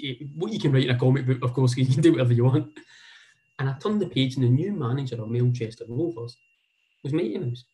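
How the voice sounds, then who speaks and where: Heard through low-quality audio, a Scottish man in his forties tells a heartfelt story from his own life in a mellow, medium-pitched voice. He speaks earnestly and loosely, repeating words often.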